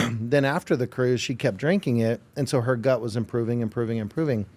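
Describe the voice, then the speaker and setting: A man being interviewed who tells a story in a lively way, acting out quoted dialogue, then explains technical details. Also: mid-range voice, brisk. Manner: animated, acts out quoted dialogue. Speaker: podcast guest.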